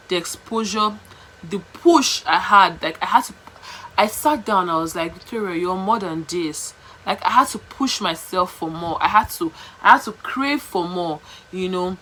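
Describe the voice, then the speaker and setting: A young Nigerian woman vlogging, telling a story to camera in a chatty, animated way, repeating herself and slipping into pidgin. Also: on the low side, a little slow, a little hiss or hum, rough recording.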